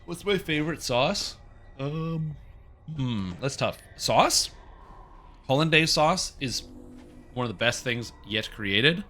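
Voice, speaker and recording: A man's voice: medium pitch, expressive, slow, long pauses, bright, forceful tone, soft background music. A man in his thirties streaming a game, joking and rambling as he reads chat aloud. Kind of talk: casual stream chat while gaming.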